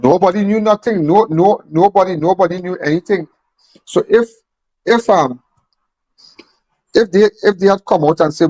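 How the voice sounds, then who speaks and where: A man's voice: on the high side, animated, normal speed, darkish tone, dry recording. A man speaking emphatically, repeating phrases and firing off rhetorical questions. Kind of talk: impassioned on-camera talk.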